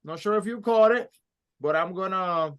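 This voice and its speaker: A man's voice: high voice, normal speed, smooth. A man teaching a pronunciation class, patiently explaining step by step and modeling sounds for learners to repeat. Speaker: Spanish teacher. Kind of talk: recorded language lesson.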